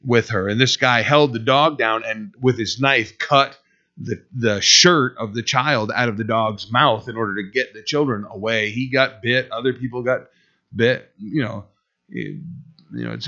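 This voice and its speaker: A man's voice: mid-range voice, fairly bright tone. Guy preaching a sermon, chatty with lots of "you know", muffled recording. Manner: conversational preaching, frequent "you know" fillers. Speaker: pastor.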